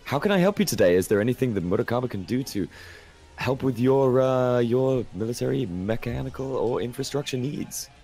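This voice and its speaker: A man's voice: mid-range voice, animated, a little fast, warm tone, voice pushed up, close to an everyday voice. A man with a British accent voicing a charming male ship salesman in polite, formal sales patter. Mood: courteous.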